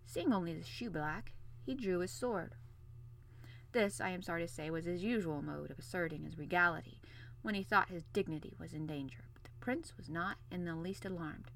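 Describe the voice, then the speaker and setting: A woman's voice: fairly low pitch, normal speed, gravelly. A woman hosting a podcast, reading a classic novel chapter aloud. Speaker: podcast host and reader.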